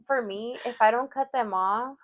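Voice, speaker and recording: A woman's voice: on the high side, normal speed, highs cut off. A young woman co-hosting a podcast, chatting casually with slangy, profane reactions. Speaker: podcast co-host. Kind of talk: casual chat.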